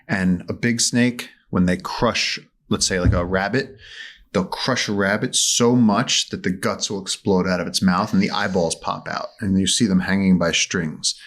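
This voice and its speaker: A man as a podcast guest, telling animated stories and acting out the voices in them. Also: low voice. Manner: vivid, acts out voices in his stories. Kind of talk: animated storytelling in conversation. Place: studio.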